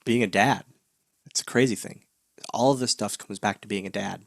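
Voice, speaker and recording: A man's voice: fairly low pitch, normal speed, vocal fry, no echo, clean studio sound. A man in his late thirties, an interview guest, telling a candid, heartfelt story and acting out what others said. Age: 30s. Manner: heartfelt, animated retelling with laughs and acted-out quotes. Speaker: interview guest, wrestler and author.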